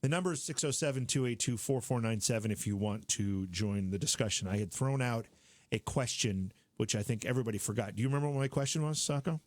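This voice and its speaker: A man's voice: medium pitch, fast, no echo. A man hosting a call-in show, chatty and steering the conversation. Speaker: host. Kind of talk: casual call-in show chat.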